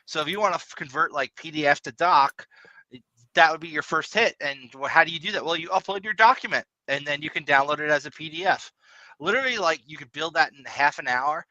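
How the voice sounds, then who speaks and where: A man co-hosting a casual tech podcast, talking in long, animated rambles and laughing often. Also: fairly high pitch, fairly quick, dry recording, low-quality recording. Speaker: podcast co-host.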